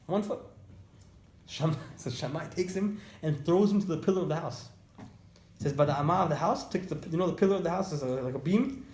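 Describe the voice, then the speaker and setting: A man with a high-pitched voice teaching a casual class, animated and storytelling, often repeating himself for emphasis. The sound comes from an echoey classroom with a faint hiss of noise behind it. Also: fairly quick. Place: indoor classroom with students.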